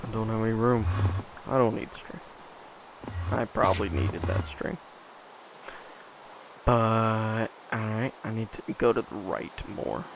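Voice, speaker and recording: Rambling as he plays, this teen gaming vlogger fills his talk with fillers and lets thoughts trail away unfinished. He speaks at normal speed in a creaky, lowish male voice. Noise sits in the background.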